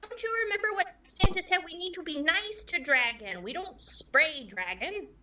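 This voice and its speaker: A woman's voice: very high-pitched, animated, moderate pace, pushed and bright, recorded from a distance. A woman player in a tabletop game, speaking earnestly in character while planning. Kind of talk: tabletop role-play banter.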